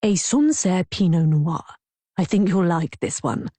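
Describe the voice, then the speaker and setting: A woman's voice: fairly low pitch, expressive, measured pace, dark tone, no room sound. A pretentious, posh middle-aged husband who savors every word like a fine vintage, read by a woman narrator. He sounds earnest and a touch self-important. The read is dry and close. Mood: pompous.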